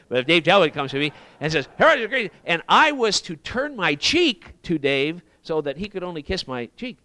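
Lively, bright-voiced male preacher. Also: fairly high pitch, no echo. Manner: animated, acts out quoted exclamations. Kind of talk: sermon storytelling. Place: church.

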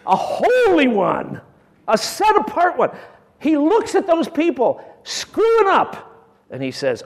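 A man preaching a sermon with great passion, swinging from loud bursts down to near whispers. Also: very high-pitched, wildly swooping pitch, slow pace, in a large hall.

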